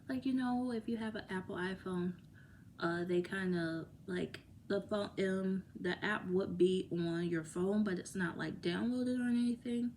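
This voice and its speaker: A woman in a casual vlog, talking in a loose, rambling way and laughing often. Her voice sits at a middle pitch, and at times she slips into a whisper. A faint hiss of noise runs underneath. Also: a little mellow. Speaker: vlogger. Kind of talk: casual chat to camera.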